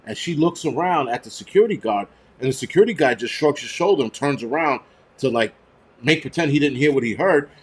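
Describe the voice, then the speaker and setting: A man's voice: mid-range voice, lively intonation, fast talker, slightly rough. A man, hosting a prepper channel and telling stories in a heated, profane, rambling rant. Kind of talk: casual ranting monologue.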